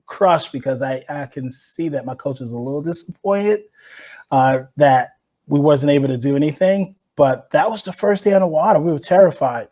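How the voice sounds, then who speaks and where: A man from Chicago's West Side, a guest on a podcast, telling a personal story with lively energy and acted-out quotes. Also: mid-range voice. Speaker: guest, rower and author.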